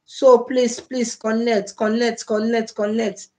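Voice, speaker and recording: A woman's voice: fairly high pitch, little pitch movement, takes it slowly, darkish tone. A Nigerian woman hosting a casual livestream on a phone or laptop mic, repeatedly pleading with and effusively thanking her viewers. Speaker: livestream host.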